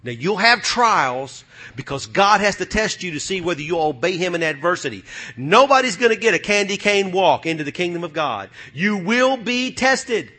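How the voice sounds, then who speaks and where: Man, pastor, sermon, church congregation, forceful bright tone, slightly high voice, emphatic, rhetorical questions. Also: lively intonation, a little fast. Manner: emphatic, rallying with repeated calls to the congregation. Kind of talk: preaching a sermon.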